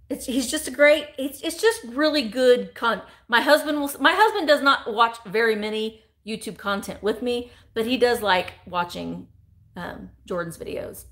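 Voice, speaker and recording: A woman's voice: on the high side, a bit bright. A middle-aged woman, hosting a casual live-stream sale, rambling as she reads out viewer comments and calls bids.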